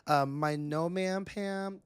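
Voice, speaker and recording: A man co-hosting a podcast, telling animated, profane stories in casual chat with frequent restarts. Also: high voice, slow pace, clear, resonant tone. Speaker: podcast co-host.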